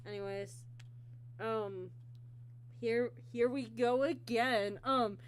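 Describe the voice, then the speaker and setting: Halting slow-talking woman host. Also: on the high side, steady tone. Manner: halting, many ums and restarts. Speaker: interview host. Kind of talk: casual online interview.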